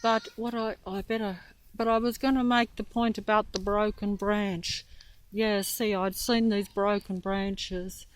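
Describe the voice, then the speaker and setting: A woman's voice: mid-range voice, level tone, rough recording. Breathless woman rambling on a park walk. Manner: trailing off, halting and restarting. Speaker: vlogger filming on a walk. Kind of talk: rambling walking commentary. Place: outdoor park. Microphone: handheld phone.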